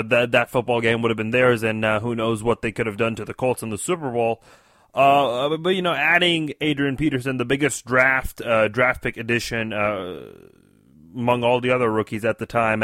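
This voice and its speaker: A man calling in to a sports show, talking through his opinions with a bright, forceful tone. He hesitates a lot and restarts his sentences. The sound is dry and close, with no room around him. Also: mid-range voice, dry recording. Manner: hesitant, many fillers and restarts. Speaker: caller, fellow show host. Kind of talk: casual phone-in sports commentary.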